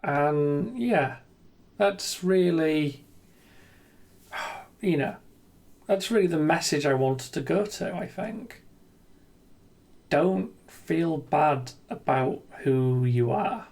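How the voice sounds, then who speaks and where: A man with a fairly high voice talks slowly and unhurriedly through an ad-libbed monologue. He is earnest and self-deprecating, and he keeps pausing on ums and restarting his sentences. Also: gravelly, a little mellow. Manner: rambling, hesitant, with frequent ums and restarts. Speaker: gaming video creator. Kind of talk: unscripted reflective monologue.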